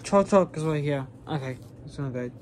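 A woman's voice: low voice, moderate pace, a little mellow, a little hiss or hum, pitched below the performer's own voice, lightly acted. A woman voicing a stern male police officer who plods along with fillers as he sorts out paperwork. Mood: calm.

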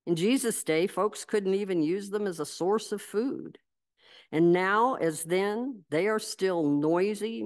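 A woman pastor preaches a sermon at an unhurried, deliberate pace. Her voice sits a little low, and she tells stories in a measured, reflective way.

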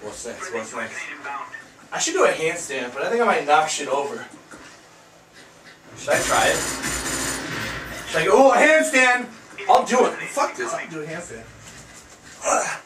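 An excitable young man talks over his gameplay, with a high, lively voice that jumps into loud trash-talk. He sits back from the mic in an echoey room at home, and noise is clear behind him. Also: normal speed, long pauses, recorded from a distance. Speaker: gaming YouTuber. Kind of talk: gameplay reaction commentary.

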